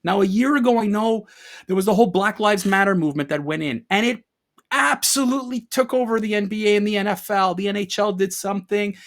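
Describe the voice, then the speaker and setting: A man's voice: high voice, fast. A man co-hosting a sports opinion show, ranting emphatically and firing off rhetorical questions. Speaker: co-host. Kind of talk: opinion rant podcast.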